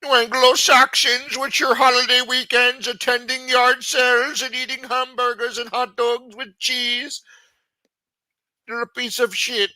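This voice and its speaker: A man voicing a high, sneering foreign male chat commenter in a put-on accent, mocking and scornful. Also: flat delivery, measured pace, pushed and bright, no room sound, exaggerated voice, poor audio.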